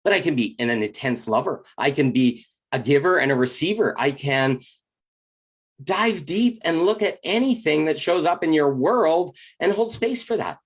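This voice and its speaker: In a husky, animated voice on the high side, a spiritual relationship coach opens up about relationships at a normal speed. The monologue is confessional, intense and blunt, with free swearing and a sincere, emotionally open feel.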